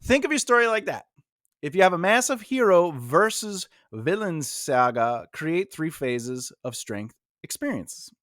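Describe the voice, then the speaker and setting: A man's voice: a little high, big pitch swings, a little slow, fairly bright tone, dry recording, studio quality. A man teaching writing in a loose, rambling style, talking casually with fillers and restarts. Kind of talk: casual instructional talk.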